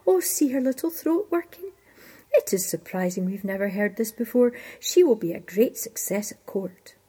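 A woman voicing a pompous, excitable male lord in waiting at a royal court. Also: medium pitch, normal speed, slightly rough.

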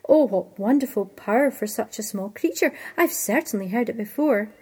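A woman voicing an eager, naive young male servant who gushes with excitement. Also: fairly high pitch, normal speed, breathy edge. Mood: excited. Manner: excitable, gushing.

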